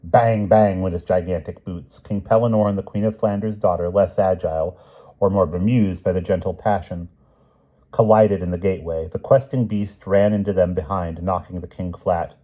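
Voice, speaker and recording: A man reading a novel chapter aloud, expressive and growing louder on the action. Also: deep voice, normal speed, narrow, tinny audio. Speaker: audiobook reader.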